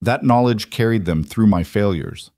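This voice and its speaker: A man voicing a wise elderly male tribal chief, calm and solemn, with slow, measured, grave speech. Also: on the low side, dry recording, clean studio sound, natural voice. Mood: earnest.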